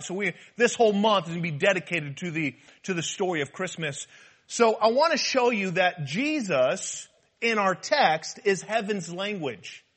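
High-voiced preacher, animated and humorous. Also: male voice. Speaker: pastor. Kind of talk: sermon.

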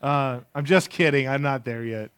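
A man's voice: medium pitch, moderate pace, a bit bright, clear, resonant tone, no room sound. A man in his forties preaching a sermon in a conversational way, asking the audience questions and joking. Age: 40s. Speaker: pastor.

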